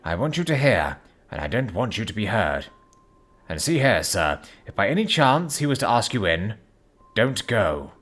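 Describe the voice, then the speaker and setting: A man voicing an anxious, loyal older male butler who speaks in an urgent, hushed and fearful way. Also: lowish voice, big pitch swings, normal speed.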